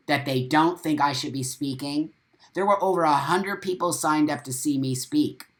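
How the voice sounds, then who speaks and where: Profane, ranting man. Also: fairly high pitch. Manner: defiant and forceful; repeats phrases for emphasis. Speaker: host. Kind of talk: live-stream monologue.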